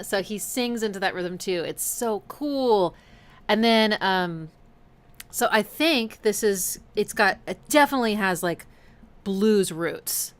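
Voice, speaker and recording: Excited woman scatting rhythms on stream. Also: mid-range voice, slight background noise. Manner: enthusiastic, scats rhythms aloud; chatty with frequent fillers. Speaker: music reaction streamer. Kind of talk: casual livestream music analysis.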